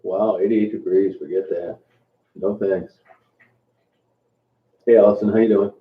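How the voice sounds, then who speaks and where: A low-voiced livestream host makes casual chat with his live viewers. He's relaxed and halting, with many fillers and restarts, and the sound is tinny and phone-like in an echoey room.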